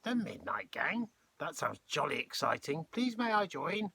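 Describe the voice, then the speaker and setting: A man reading aloud and voicing a cheerful, eager old lady with a bright, posh manner. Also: a little high, big pitch swings, unhurried, gravelly, breathy edge, pitched above the performer's own voice, exaggerated voice.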